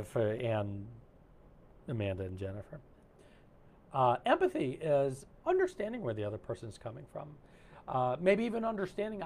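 A man coaching and hosting a live online session over a video call, talking casually with lots of fillers and restarts. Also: mid-range voice. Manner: animated, warm-hearted, rambling with many fillers. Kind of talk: casual live-stream talk.

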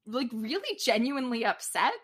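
High, bright-voiced woman in animated chat. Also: normal speed, breathy edge. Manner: animated, exasperated retelling with mock-voiced quotes and laughter. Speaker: podcast co-host recapping a TV episode. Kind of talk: casual chat.

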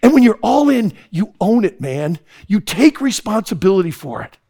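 Man preaching hard to a youth crowd, high voice swooping all over, gravelly edges. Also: very animated, normal speed. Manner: impassioned, swings from hushed to shouting. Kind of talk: sermon to a youth audience.

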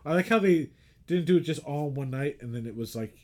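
A man's voice: a little high, fast. Chatty man rambling through a movie. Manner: rambling, filler-heavy retelling with animated acted-out quotes. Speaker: podcast co-host. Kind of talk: casual movie chat.

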